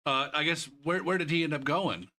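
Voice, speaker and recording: A man's voice: on the high side, a little fast. A young man streaming a kart racing game, ranting and swearing about a lost race. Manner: shouts in disbelief at the replay. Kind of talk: casual gaming stream commentary.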